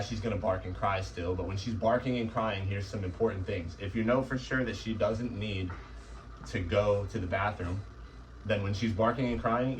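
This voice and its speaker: A man's voice: fairly low pitch, far from the mic, a little hiss or hum, rough recording. Man explaining dog crate training. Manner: conversational, often asks "right?". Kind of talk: casual instructional talk.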